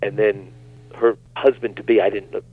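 A man, a guest minister, telling animated stories on a talk show and acting out the quotes. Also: fairly low pitch, moderate pace, slightly rough. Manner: animated storyteller, acts out quotes. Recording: tinny phone line.

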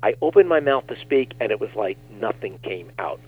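A man, a guest minister, telling animated stories on a talk show and acting out the quotes. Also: fairly low pitch, brisk, breathy edge. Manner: animated storyteller, acts out quotes. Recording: tinny phone line.

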